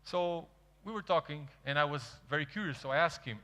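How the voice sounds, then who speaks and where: A man with a Portuguese accent, a native Portuguese speaker, giving an animated storytelling talk to an audience and acting out quoted dialogue. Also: fairly high pitch, fairly quick, dull audio. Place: large event hall. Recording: reverberant hall.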